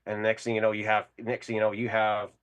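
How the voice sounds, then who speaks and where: A man's voice: on the low side, monotone, fast talker, fairly bright tone. A Canadian man calling in to a show, telling a crude, boastful story in a rambling way and laughing along. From Winnipeg, Canada. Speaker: caller. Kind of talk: casual call-in storytelling.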